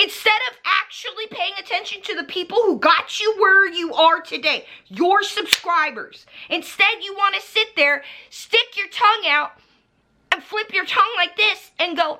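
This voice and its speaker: An extremely high-pitched, sharp-toned voice with lively intonation carries this young beauty commentary vlogger's angry rant, delivered at normal speed. Facing the camera and its mic, she points at the lens, swears freely, and calls people out by name in a heated tirade.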